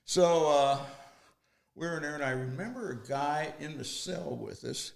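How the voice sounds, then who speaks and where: Older man, 70s, gravelly and bright, animated storyteller who acts out dialogue. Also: a little high, unhurried, slight background noise. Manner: rambling anecdotes, quotes others in dialogue. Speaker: guest, storytelling father. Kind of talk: casual storytelling.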